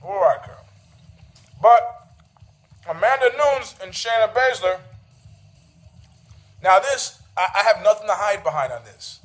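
A man's voice: high voice, animated, a little slow, long pauses. A middle-aged man telling a story in a casual rant, profane and sarcastic, needling people and laughing at his own jokes.

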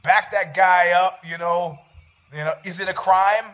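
A man's voice: sits high, fairly even intonation, measured pace, a bit bright. A man, hosting a show, rambling about fights with sarcasm and freely dropping swear words. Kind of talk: casual chat about fights.

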